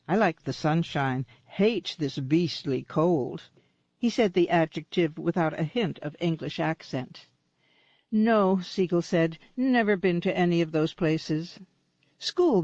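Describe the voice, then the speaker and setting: A woman reading a short mystery story aloud as an audiobook narrator, giving the characters light voices in a steady storytelling manner. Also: fairly low pitch, no room sound, highs cut off. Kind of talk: scripted narration.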